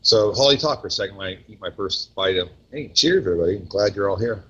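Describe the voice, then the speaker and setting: A man's voice: low voice, rapid-fire, a bit bright. A man hosting a casual podcast from a restaurant, joking and chatting while he eats. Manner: joking, self-mocking, chatty while eating. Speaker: podcast host. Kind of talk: casual chat. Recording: dull lo-fi recording.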